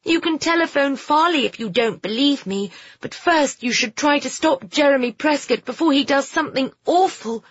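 A woman voicing a plucky, indignant young aristocratic girl, high and insistent. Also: lively intonation, normal speed, few pauses, no echo, muffled recording.

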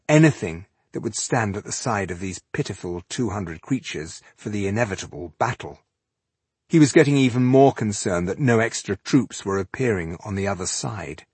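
A man narrates an audiobook at a measured, even pace. His voice is low and husky, recorded close and dry with no room sound. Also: dry recording.

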